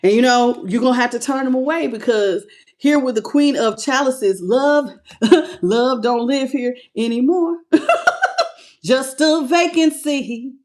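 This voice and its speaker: Her voice is a little high and a little slow, with a darkish tone, as she runs a live tarot reading. She calls out chat viewers by name, laughs often, and sings snippets in a playful way.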